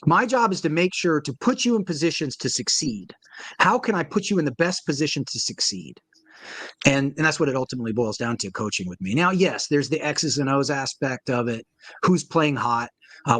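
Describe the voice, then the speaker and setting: A man, a paintball coach, talking casually in an interview and telling animated stories with acted-out quotes. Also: fairly high pitch, moderate pace, no room sound. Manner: animated storyteller, acts out quoted voices.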